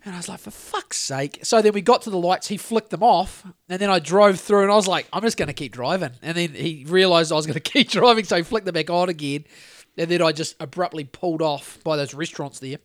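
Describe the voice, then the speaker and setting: A high-voiced man with a New Zealand accent, chatting as a podcast co-host. He tells rambling, animated stories and swears freely. The sound is close and dry, with no room echo. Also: fast talker. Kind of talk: casual chat.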